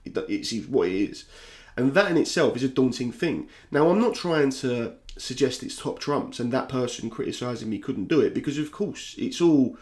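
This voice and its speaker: A young YouTuber from South London speaks candidly to camera in a reflective talking-head vlog, restless, repeating himself and often stopping to restart sentences. His South London-accented voice is medium-pitched, expressive, a little mellow, at a normal speed.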